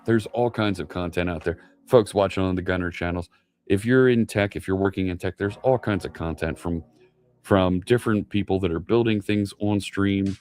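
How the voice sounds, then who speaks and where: A middle-aged man, host of a live coding stream, chatting casually and answering viewers' messages out loud, with plenty of fillers. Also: deep voice. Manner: chatty, reads chat aloud, many fillers. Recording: faint music underneath.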